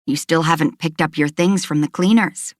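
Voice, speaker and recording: A woman voicing a gentle, motherly woman who speaks softly and kindly in an audiobook. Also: low-pitched, steady tone, moderate pace, no echo, studio quality, close to an everyday voice. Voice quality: soft, gentle.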